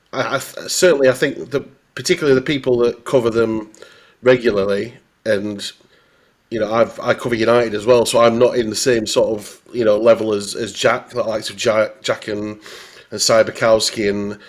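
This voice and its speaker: A man's voice: mid-range voice, fairly even intonation, normal speed. A man with a Northern English accent, a football journalist chatting casually on a podcast, rambling with many restarts. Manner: rambling, full of restarts and "you know".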